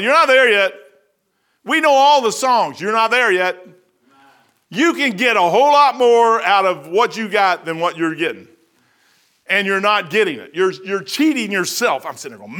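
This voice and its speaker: A middle-aged man preaches in a folksy, animated way. His voice sits slightly high and sounds bright and forceful, and he climbs to emphatic peaks as he drives his points home. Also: moderate pace. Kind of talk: sermon.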